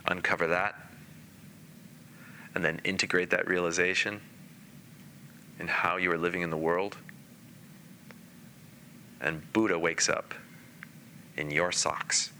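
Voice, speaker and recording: Bright-voiced man teaching an audience. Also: low voice, slow pace, pauses often, slight background noise. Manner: animated storyteller, laughs often, many restarts. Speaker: spiritual teacher. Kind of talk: talk to an audience with questions. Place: meeting room with a live audience.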